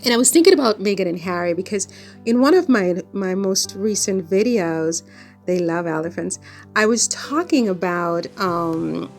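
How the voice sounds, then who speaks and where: A woman's voice: mid-range voice, animated, normal speed, soft background music. A woman chatting to camera in a rambling vlog, laughing often between thoughts. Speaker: vlogger. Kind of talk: casual chat to camera. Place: home in France.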